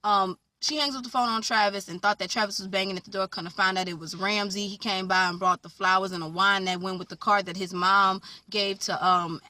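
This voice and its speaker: A woman recapping a TV episode in casual chat, animated and sassy, talking back to the characters. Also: medium pitch, brisk, hardly any pauses, distant mic. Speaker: TV recap vlogger.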